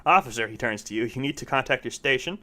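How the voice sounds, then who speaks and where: A man reading as a calm, stern lieutenant. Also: medium pitch, fast. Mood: measured.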